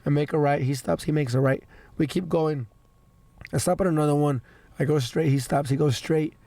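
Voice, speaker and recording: Dude rambling a story on a podcast, hoarse from being sick, lots of stammering and cussing. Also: male voice, a little high, steady tone, moderate pace, warm tone, no room sound. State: voice worn out from illness. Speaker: podcast host. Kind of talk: casual chat, storytelling.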